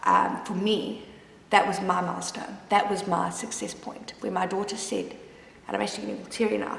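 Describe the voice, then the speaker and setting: A woman's voice: medium pitch, level tone, normal speed, creaky, fairly bright tone, slight background noise. A woman speaking as a mother who tells her own story in a candid, rambling way, restarting her sentences often. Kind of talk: personal confessional vlog. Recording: roomy with long reverb.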